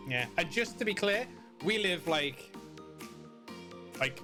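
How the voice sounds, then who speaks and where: A man's voice: high voice, expressive, slow, pauses often. Chatty man rambling over game music. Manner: rambling, chatty, with many fillers and restarts. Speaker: gaming video host. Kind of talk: casual gameplay commentary.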